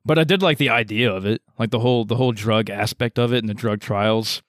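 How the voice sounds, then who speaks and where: A man co-hosting a podcast, chatting casually about a movie in an easygoing, halting way. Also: fairly low pitch, no echo, clean studio sound. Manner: easygoing, halting, restarts often. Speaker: podcast co-host. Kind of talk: casual movie review chat.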